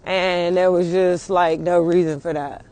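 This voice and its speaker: A woman's voice: lowish voice, level tone, measured pace, darkish tone. A young woman venting casually and angrily on a phone livestream outdoors, swearing often and rambling with many fillers.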